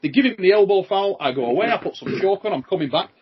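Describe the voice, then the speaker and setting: A British man hosting a podcast, telling lively stories, acting out quoted lines and swearing freely. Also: high-pitched, fast talker, muffled recording, slight background noise. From Britain. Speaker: podcast host and armwrestling champion. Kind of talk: casual chat, storytelling.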